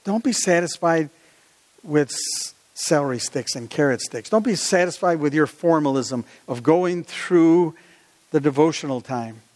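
A middle-aged man preaching a sermon as pastor, animated, climbing to emphatic peaks and sinking low again. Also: a little slow.

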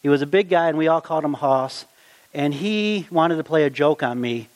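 Animated middle-aged man telling a story. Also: on the high side, normal speed. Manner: animated, folksy storytelling with acted-out quotes. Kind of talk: personal anecdote, told aloud.

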